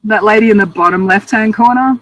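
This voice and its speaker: A woman's voice: mid-range voice, fairly quick, dry recording, rough recording. A woman with an Australian accent, a guest author telling travel stories in a chatty, self-amused way. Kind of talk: casual interview storytelling.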